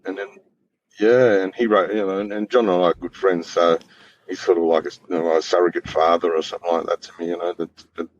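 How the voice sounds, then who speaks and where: A middle-aged Australian man with a very low voice talks loosely in a podcast chat, rambling, swearing and starting sentences over. The audio is a little dull and lo-fi, with a faint hiss underneath. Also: fairly even intonation, fast. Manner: rambling, swears freely, many restarts. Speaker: podcast guest. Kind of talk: casual interview chat.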